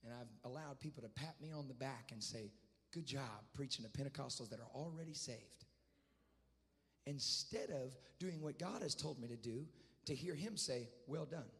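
A man preaching a sermon as a traveling evangelist, telling a story quietly and then rising to loud shouted climaxes. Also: mid-range voice, moderate pace, long reverb tail. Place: church sanctuary.

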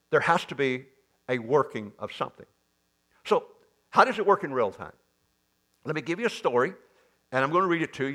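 A man preaching a sermon in church, animated, with sudden loud, higher bursts. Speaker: pastor.

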